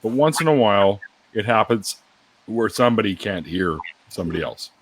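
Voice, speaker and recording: A man's voice: fairly low pitch, lively intonation, fairly quick, husky, no echo. A man hosting a casual video call chat with friends, often chuckling and repeating back what others say.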